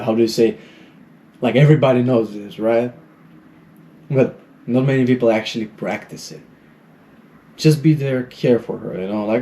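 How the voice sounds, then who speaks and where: A man's voice: mid-range voice, dark tone, slight background noise. Man giving rambling dating advice. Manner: rambling, repeats fillers like "you know"; acts out little quoted dialogues. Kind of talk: casual advice monologue.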